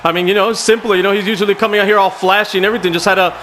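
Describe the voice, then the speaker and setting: Excitable high-voiced male game commentator. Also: very fast, slight background noise. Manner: excitable, frequent "man", shouts at the action. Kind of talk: casual play-by-play commentary.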